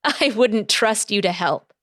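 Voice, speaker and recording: A woman voicing an indignant young woman on her wedding day who speaks in a proper, sharp way and rises to shouting. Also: medium pitch, expressive, unhurried, no echo, clean studio sound. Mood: bitter.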